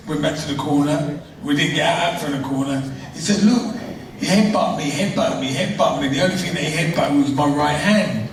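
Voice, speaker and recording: A middle-aged man, a retired boxer, laughing as he tells stories in a casual conversation. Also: fairly high pitch. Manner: laughing, animated storyteller. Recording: echoey room, distant mic, background noise.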